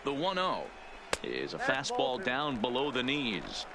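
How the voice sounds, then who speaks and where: A man voicing a baseball play-by-play announcer in a video game, with a measured broadcast delivery. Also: medium pitch, huge pitch swings. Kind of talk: video game sports commentary. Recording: game audio under crowd noise.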